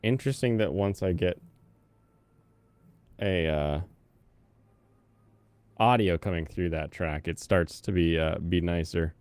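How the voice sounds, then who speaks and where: Male streamer, lowish smooth voice, dry close sound, loose rambling chat with idle humming. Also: slow, long pauses, a little mellow, dry recording. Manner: rambling, hums to himself between topics. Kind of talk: casual live-stream chat.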